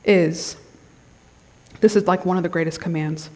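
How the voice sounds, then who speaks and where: A woman's voice: lowish voice, fairly even intonation, moderate pace, darkish tone. A woman giving a conversational sermon at a conference, often checking in with the crowd. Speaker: conference speaker. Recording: long hall reverb.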